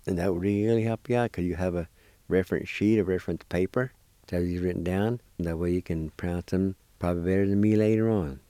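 A man's voice: deep voice, steady tone, fast, dark tone, no echo. A man teaching vocabulary, patiently spelling and sounding out words letter by letter. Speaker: language teacher. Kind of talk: slow spelled-out vocabulary lesson.

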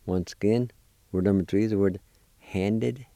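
Deep dark-voiced guy going through a vocab lesson real slow, spelling letter by letter, dry close sound. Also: fairly even intonation, no room sound. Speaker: language teacher.

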